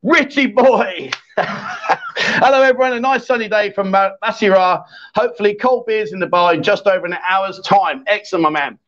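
Cheeky high-voiced man hosting a chat stream. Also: brisk, fairly bright tone. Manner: cheeky, laughing banter. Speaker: host. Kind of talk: casual live-stream chat reading viewer comments. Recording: dull lo-fi stream audio.

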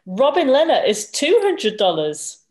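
A woman's voice: high-pitched, big pitch swings, measured pace, a little mellow. A woman co-hosting a casual podcast, chatty and explaining things in long lists. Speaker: podcast co-host.

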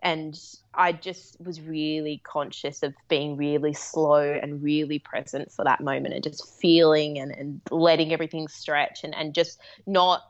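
Over a remote call with the highs cut off, a woman who works as a midwife shares a personal story as an interview guest, rambling candidly and laughing frequently. She speaks in a low pitch, with a steady tone and an unhurried pace.

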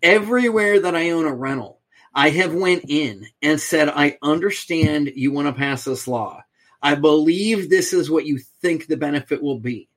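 Man, middle-aged, storytelling guest, slightly higher voice, acts out both sides of a dialogue. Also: normal speed. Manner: animated storyteller, acts out quoted exchanges. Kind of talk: storytelling in a podcast interview.

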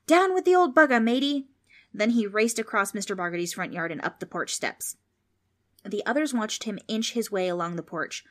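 Woman, storybook narrator, mid-pitched voice, steady expressive reading.

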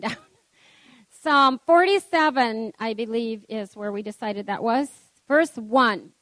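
A woman with a high voice leads a small church gathering, moving between casual, chatty teaching and fervent bursts of praise. The sound is dry and close, with almost no room echo. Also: a bit bright. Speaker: prayer group leader.

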